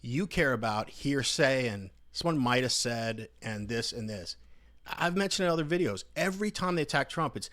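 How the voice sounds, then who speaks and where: A man's voice: mid-range voice, animated, moderate pace, fairly bright tone. A young adult man hosting a political commentary video, talking casually and mockingly straight to his viewers. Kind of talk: casual opinion commentary to camera.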